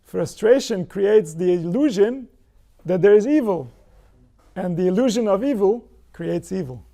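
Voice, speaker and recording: A man's voice: sits high, expressive, unhurried, creaky, warm tone. A man giving a spiritual Torah lecture, posing rhetorical questions and answering them himself. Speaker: spiritual teacher.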